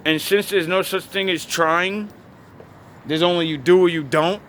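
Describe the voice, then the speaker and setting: A man's voice: high-pitched, fairly even intonation, a little slow, fairly bright tone. A young man, delivering a blunt, profane, preachy motivational rant outdoors by a street. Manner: blunt, heavy cursing, preachy. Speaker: video creator. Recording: noisy outdoor street recording.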